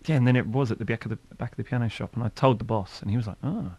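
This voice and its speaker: A man's voice: medium pitch, steady tone, racing, darkish tone, breathy edge, no echo. A man from a band, chatting casually and telling rambling stories in a radio studio interview. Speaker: band member.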